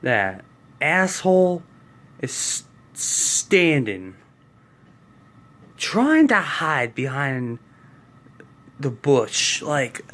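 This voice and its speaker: A man's voice: fairly high pitch, a bit bright, slight background noise. A man telling a story in a comedic angry rant, profane and worked up, rambling along with restarts. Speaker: vlogger.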